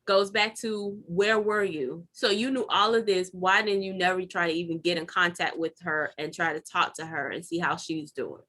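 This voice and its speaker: A woman co-hosting a casual recap chat, retelling scenes in a chatty, expressive way. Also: lowish voice, normal speed, few pauses. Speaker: podcast co-host.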